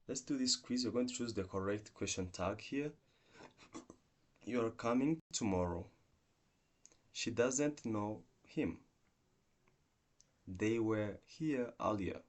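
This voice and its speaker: A man teaching an online English grammar lesson, explaining slowly and going through example sentences one by one, with restarts and non-native phrasing. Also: lowish voice.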